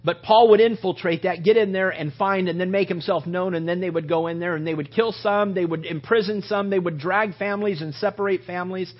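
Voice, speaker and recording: A man's voice: high-pitched, fairly even intonation, a little fast, few pauses, lo-fi sound. A man leading a casual Bible study, talking conversationally and briefly acting out the voices of biblical figures.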